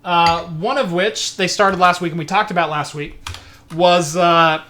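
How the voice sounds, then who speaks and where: A man hosting a loose, chatty tech show. His voice is high and bright, with a faint hum of noise behind it. He talks easily and often restarts his sentences. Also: measured pace. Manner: relaxed, easygoing, stumbles into restarts. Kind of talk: casual chat.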